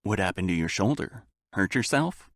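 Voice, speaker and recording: A tough male special-ops soldier, as a male audiobook reader puts him on talks in curt, dry wisecracks with a fairly low voice. His delivery rises and falls a lot. The recording is dry and close. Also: animated, moderate pace, no room sound. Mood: defiant.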